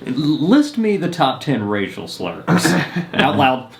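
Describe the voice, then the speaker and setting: A man's voice: on the high side, big pitch swings, takes it slowly, gravelly. A man guesting on a podcast, teasing and cracking jokes in casual banter. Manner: teasing, wisecracking. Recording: roomy with faint noise.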